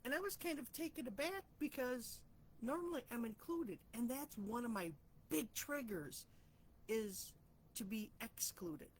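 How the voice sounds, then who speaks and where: A woman's voice: a little high, lively intonation, a little slow, slightly rough. A woman hosting a personal reflection talk, speaking in a heartfelt, rambling, self-searching way. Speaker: host of a reflection channel.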